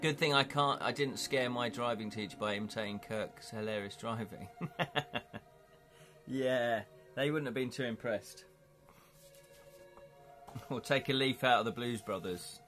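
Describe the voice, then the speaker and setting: A man's voice: mid-range voice, unhurried, pauses often, a bit bright, soft background music. A man from England hosting a livestream, chatting casually and rambling while reading out viewer comments, laughing often. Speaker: livestream host.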